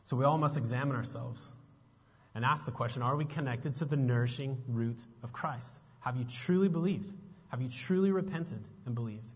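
A man preaching a sermon as a pastor, moving between relaxed chat and pointed, emphatic questions. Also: medium pitch, moderate pace, breathy edge. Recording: muffled sound with long reverb.

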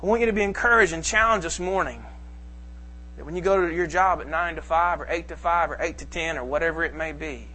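A man preaching a sermon to a congregation, reading scripture slowly and with emphasis. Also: a little high, sharp tone, slight background noise. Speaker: pastor. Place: church sanctuary.

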